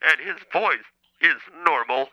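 A robotic speech-synthesizer voice playing an indignant male caller, flat and clipped. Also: a little high, unhurried, lo-fi sound, exaggerated voice. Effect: computer speech synthesizer.

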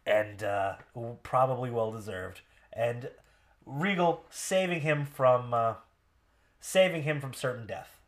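A man hosting a podcast in casual chat. He is animated and jokey, laughs often, and mocks what other people say. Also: medium pitch, slow. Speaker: podcast host.

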